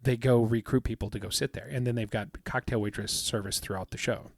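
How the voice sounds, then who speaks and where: A man chatting casually on a podcast, telling a long anecdote with lots of "um" and "like" and acting out what others said. His voice sits at an ordinary middle pitch. The sound is close and dry, with no room around it. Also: steady tone, fairly quick, gravelly, no room sound. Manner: rambling storyteller, many fillers, acts out quotes. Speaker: podcast co-host. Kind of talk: casual chat.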